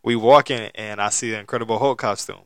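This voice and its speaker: A man's voice: lowish voice, steady tone, fast talker, no room sound. A man in his late twenties co-hosting a podcast, telling stories in loose, profane casual chat with frequent laughter. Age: 20s. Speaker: podcast co-host.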